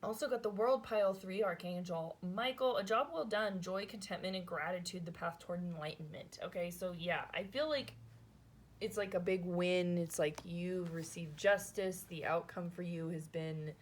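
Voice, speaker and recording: Here a tarot reader with a fairly low voice talks at an ordinary pace against slight background noise. She rambles casually through the reading, thinking out loud and frequently tossing in "like" and "right?".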